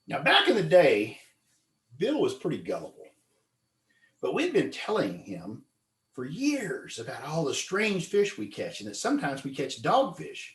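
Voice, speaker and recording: A man gives a lively storytelling speech, his voice rising and falling widely as he acts out his friends. He sits a little high in pitch. The room around him rings with echo. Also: unhurried. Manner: animated, acts out quoted friends with loud high yells. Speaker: club speaker. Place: meeting room.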